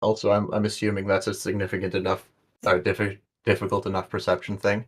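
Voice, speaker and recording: A man playing a tabletop role-playing game, talking haltingly with many fillers. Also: fairly low pitch, monotone. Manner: halting, full of fillers and restarts. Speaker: player. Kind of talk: tabletop role-play chat.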